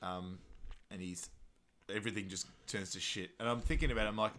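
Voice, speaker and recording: A man co-hosting a podcast, casually recapping a film, laughing often and loudly acting out quotes. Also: lowish voice, steady tone, brisk, slight background noise. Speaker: podcast co-host.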